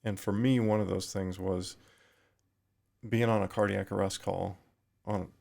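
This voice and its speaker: A middle-aged man, a retired firefighter, talking thoughtfully in a podcast interview, pausing and restarting often. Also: fairly low pitch, fairly even intonation, gravelly, darkish tone. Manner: thoughtful, halting with frequent restarts.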